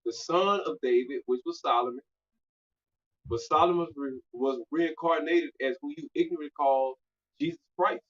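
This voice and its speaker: A man from Louisiana with a Louisiana accent, preaching loudly and profanely in a street teaching discussion, often shouting. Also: fairly high pitch, moderate pace. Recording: distant dull recording.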